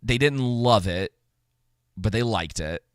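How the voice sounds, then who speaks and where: A man's voice: fairly low pitch, animated, slow pace, clear, resonant tone, no echo, clean studio sound. A man co-hosting a casual movie podcast, rambling with frequent laughs and restarts. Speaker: podcast co-host.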